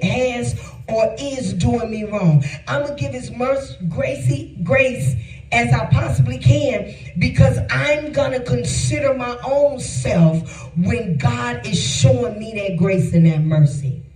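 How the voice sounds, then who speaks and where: A man giving a sermon in a lively, conversational preaching manner, joking and laughing with the congregation. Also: extremely high pitch. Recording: echoey room, voice from far off.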